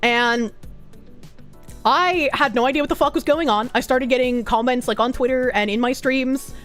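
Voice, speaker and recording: A woman's voice: sits high, normal speed, a bit bright, soft background music. A woman streamer chatting casually with her viewers, swearing often and rambling off on tangents. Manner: swears a lot, rambling and self-interrupting. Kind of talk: casual live-stream chat.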